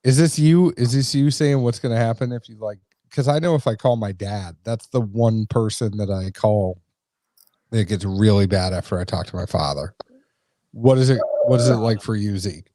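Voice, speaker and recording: Joking New England man, mellow voice. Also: on the low side, moderate pace, dry recording. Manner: joking, chatty. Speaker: podcast co-host. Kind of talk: casual chat over drinks.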